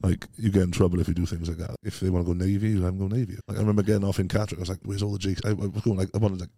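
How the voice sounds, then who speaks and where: A man's voice: low voice, level tone, very fast, warm tone, no room sound. A Welsh man telling stories as a podcast guest, rambling and laughing easily, full of British slang. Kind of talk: casual chat.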